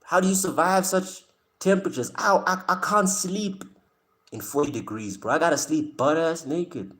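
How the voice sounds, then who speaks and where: Fairly high-pitched, expressive, and a bit bright, a South African streamer speaks at normal speed. He chats casually with his viewers, joking and using slang, laughing often, and addressing the chat directly as he reacts.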